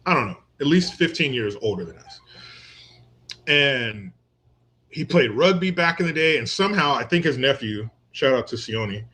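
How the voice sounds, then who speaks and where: A man's voice: mid-range voice, lively intonation, normal speed, pushed and bright. Profane joking man giving casual commentary. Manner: crude, joking, laughs often, rambling asides. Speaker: commentator reacting to a viral clip.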